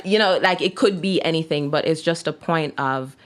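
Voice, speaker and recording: A woman's voice: deep voice, fairly quick, clean tone. A woman in her thirties with a Jamaican accent, chatting as a guest in an interview and laughing often. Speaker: guest, clothing designer. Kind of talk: casual interview.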